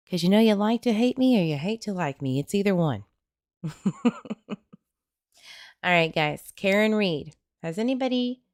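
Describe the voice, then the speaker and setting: Chatty Southern woman livestream host, low voice, dry close sound. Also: clean tone, dry recording. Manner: chatty, greets viewers by name, jokey asides. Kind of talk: casual livestream chat.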